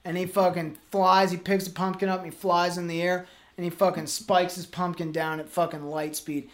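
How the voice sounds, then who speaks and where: A man's voice: sits high, level tone, normal speed. A man co-hosting a comedy podcast, improvising a rambling, profane, escalating absurd story. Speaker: podcast co-host.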